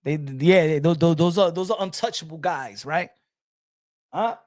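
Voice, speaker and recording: A man's voice: a little high, normal speed, darkish tone. A man hosting a boxing talk show, ranting heatedly and repeating himself with a lot of profanity. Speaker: boxing commentary host. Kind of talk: casual ranting commentary.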